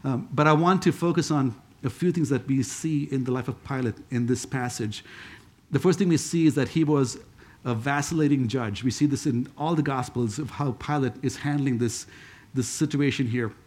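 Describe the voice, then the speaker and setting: A man's voice: mid-range voice, normal speed. A man preaching a sermon in a conversational way, with joking asides.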